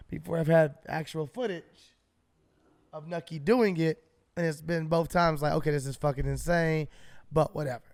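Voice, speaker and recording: A man co-hosting a podcast, telling a story in an animated, casual way and swearing freely. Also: on the high side, dry recording, studio quality. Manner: animated, swearing, acts out his own shouts. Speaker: podcast co-host.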